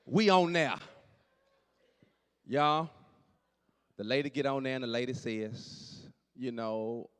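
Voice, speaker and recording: A man doing stand-up comedy in a church, telling stories with animated delivery, acting out dialogue and shouting punchlines to a live audience. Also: medium pitch, slow pace, long pauses, clean tone.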